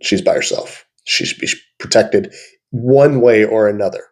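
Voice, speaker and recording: A man's voice: lowish voice, normal speed, darkish tone. A man hosting a reaction video, chatty and opinionated, with frequent fillers as he shares his views. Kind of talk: casual reaction commentary.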